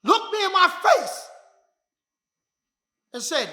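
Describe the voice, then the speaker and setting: A martial arts instructor telling his story as a motivational talk, emphatic and repetitive, often bursting into shouts. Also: very high-pitched, expressive, a little slow, pauses often. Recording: echoey room.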